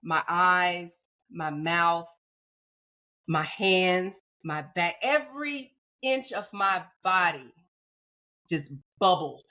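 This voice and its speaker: A woman's voice: lowish voice, takes it slowly, long pauses. Woman, podcast guest, heartfelt personal story, stumbles and repeats words, phone-like tinny sound. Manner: heartfelt, repeats words when emotional, acts out her own past thoughts. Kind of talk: emotional personal story in an interview. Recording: phone-like narrow audio.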